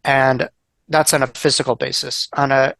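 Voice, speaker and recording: A man's voice: medium pitch, flat delivery, normal speed, vocal fry, fairly bright tone, no echo. A man, a therapist and author, talking earnestly as an interview guest, with many fillers and restarts. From United States. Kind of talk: casual interview chat.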